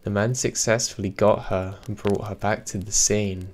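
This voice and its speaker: A man reading true scary stories aloud in a steady, even storytelling delivery. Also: on the low side, normal speed, a little hiss or hum. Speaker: horror story narrator. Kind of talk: scripted narration.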